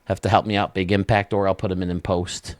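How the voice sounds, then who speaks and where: Low-voiced enthusiastic gaming host. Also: male voice, flat delivery, quick pace, dry recording. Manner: enthusiastic, rambling, laughs often. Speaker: video game channel host. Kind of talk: casual gameplay commentary.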